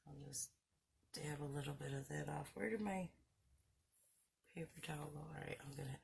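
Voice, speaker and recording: A woman's voice: sits low, fairly even intonation, normal speed, vocal fry, darkish tone, slight background noise. A woman hosting a craft video, chatting casually, mocking herself and laughing often as she works. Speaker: craft channel host. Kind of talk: casual craft-along chat.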